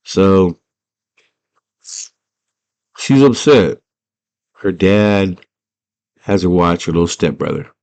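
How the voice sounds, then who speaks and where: Deep-voiced slangy man recapping a movie. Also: slow pace, long pauses. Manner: slangy, animated storyteller. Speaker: movie fan retelling a film.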